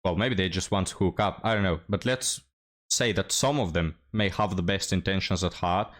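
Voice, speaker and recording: A man's voice: low-pitched, moderate pace, fairly bright tone. A man hosting a reaction commentary, mocking and scornful, often laughing as he talks. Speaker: commentary host.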